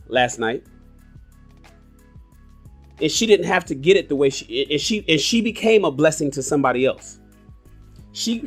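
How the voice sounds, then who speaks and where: 40s guy hosting a live podcast, kinda high voice, blunt and swears a lot, soft guitar music behind. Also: husky. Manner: animated, blunt, profane storytelling. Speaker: podcast host. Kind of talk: casual livestream chat.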